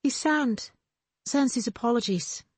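A woman reading an audiobook, voicing a blunt, swearing young woman who is gravely ill. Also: a little high, unhurried, no room sound, voice pushed up. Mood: defiant. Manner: swearing, defiant, sardonic. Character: blunt sick young woman, sharp-tongued sister.

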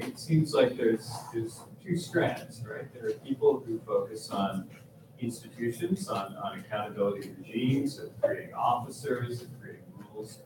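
A man hosting a seminar, speaking thoughtfully and hesitantly with fillers. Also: mid-range voice. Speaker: seminar host, academic. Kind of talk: academic discussion. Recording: very echoey room, far from the mic, noisy.

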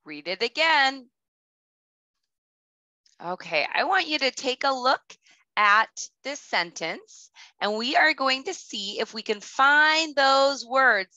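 Slow, bright-voiced woman teacher. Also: a little high, no room sound. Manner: slow, clearly enunciated, patient prompting. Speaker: kindergarten teacher. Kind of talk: recorded remote lesson for young children. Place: home. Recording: slightly dull lo-fi audio.

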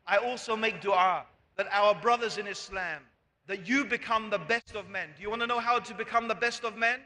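A man's voice: high-pitched, moderate pace, sharp tone, a little hiss or hum. A man preaching a sermon, pressing the audience with rhetorical questions. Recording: long hall reverb.

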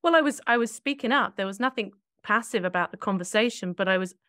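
A woman's voice: mid-range voice, fast, a bit bright, dry recording, clean studio sound. A woman co-hosting a podcast, talking in a reflective, searching way and often correcting herself mid-thought. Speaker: podcast co-host.

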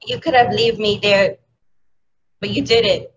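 A woman educator from New York City, talking candidly as an interview guest, halting and laughing softly. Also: medium pitch, steady tone, a crowd in the background. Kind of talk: emotional interview talk. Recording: dull lo-fi audio with clear background noise.

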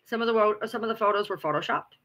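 A woman's voice: mid-range voice, rapid-fire, a bit bright. A woman host chatting casually with viewers, rambling, repeating herself and swearing now and then. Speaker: livestream host. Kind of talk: casual chat answering viewers.

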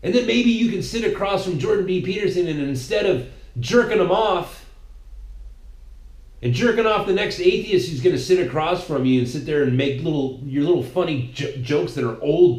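A man's voice: a little high, a little mellow. A man hosting his own show, preaching a mocking, opinionated solo monologue. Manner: preachy, mocking, with impressions of others. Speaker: podcast host. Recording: echoey room.

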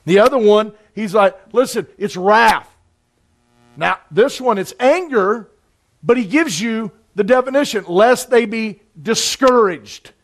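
High-voiced intense preaching man. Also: expressive, measured pace. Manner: intense, conversational preaching with sudden loud bursts. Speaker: pastor. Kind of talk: sermon.

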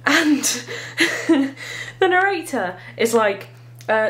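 A woman's voice: a little high, normal speed. A woman chatting casually in a vlog about the book she is reading, giggly and self-mocking, filmed at home on a handheld phone. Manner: giggly and chatty, laughs at herself. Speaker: book vlogger. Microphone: handheld phone camera.

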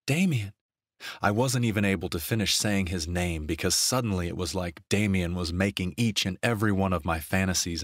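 A man narrating a romance novel in an even, steady storytelling voice on a close mic. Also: low voice, no room sound. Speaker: audiobook narrator.

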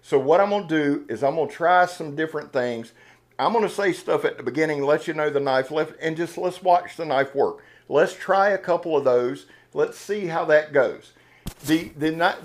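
A man's voice: on the high side, moderate pace. A man hosting a knife channel, talking in a casual, earnest and emotional way, rambling with restarts. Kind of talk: casual unboxing vlog talk.

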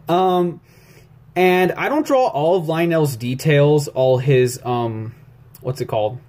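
A man's voice: on the high side, slow pace, darkish tone. A young man talking through an animation tutorial as he draws, rambling and jittery, mumbling to himself and joking at his own expense. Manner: rambling, jittery, self-deprecating, talks to himself while drawing. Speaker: YouTube animation tutorial maker. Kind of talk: casual screen-recorded tutorial. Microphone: phone recording.

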